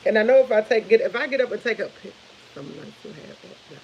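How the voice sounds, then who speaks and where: A woman's voice: medium pitch, expressive, fast talker, gravelly, a little mellow, dull audio. Chatty rambling woman with a faint hiss. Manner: rambling, chatty, laughs often. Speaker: live stream host. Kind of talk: casual morning chat to viewers.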